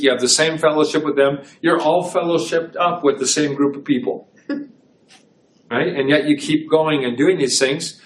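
A man's voice: fairly high pitch, distant mic, slight background noise. Man preaching in an echoey room. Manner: conversational preaching with rhetorical questions. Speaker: pastor. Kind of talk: sermon. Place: small church.

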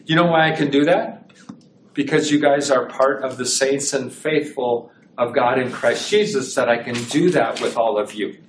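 A man's voice: mid-range voice, moderate pace, a little hiss or hum. A man pastor giving a conversational sermon to a small congregation, asking his listeners rhetorical questions. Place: small church. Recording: echoey room, voice from a distance.

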